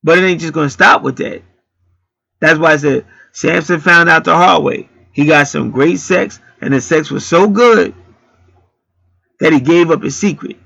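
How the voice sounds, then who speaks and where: A man's voice: on the high side, moderate pace, gravelly, pushed and bright, dry recording, muffled recording. A man hosting his own channel, telling stories in a blunt, profane, heated rambling monologue. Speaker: channel host.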